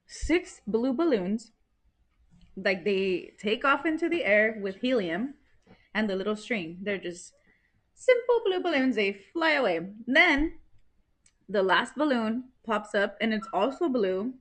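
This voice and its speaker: A woman on a casual podcast, adding details to a shared story and laughing along. Her voice is bright and a little high. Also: big pitch swings, a little slow. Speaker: podcast co-host. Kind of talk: casual chat.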